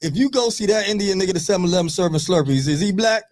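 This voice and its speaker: A man in his thirties on a radio talk show, telling profane, animated stories in casual chat. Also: high voice, racing.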